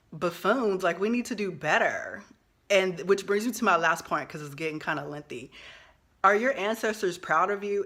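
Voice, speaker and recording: A woman in her thirties, a social worker, delivers a heated monologue to her viewers. Her voice is bright and forceful, and she cuts through the talk with blunt profanity. She speaks with urgent, driven emphasis and swells into loud outbursts. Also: on the low side. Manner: passionate, emphatic, swears freely, rising to outbursts. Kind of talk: impassioned vlog monologue.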